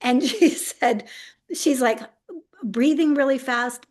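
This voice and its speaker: Middle-aged woman on an interview, tells stories all animated, does little voices for people, slightly high voice. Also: measured pace. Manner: animated storyteller, acts out quoted speech, laughs often. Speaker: autism integration specialist, interview guest. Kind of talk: casual interview storytelling.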